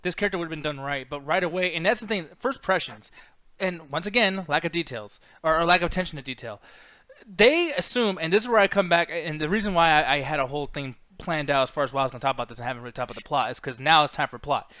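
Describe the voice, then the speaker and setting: A man's voice: on the high side, fast talker, sharp tone, no echo. Blunt, foul-mouthed man, dry sound. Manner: opinionated, heavy swearing, argumentative. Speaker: podcast co-host. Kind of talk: casual movie review chat.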